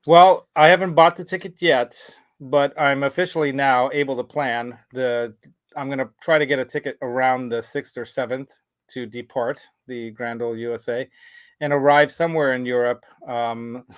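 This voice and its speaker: A man hosting a casual show, telling a story in a rambling, animated way with laughs. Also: medium pitch, no room sound, low-quality recording. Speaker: show host. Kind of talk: casual chat.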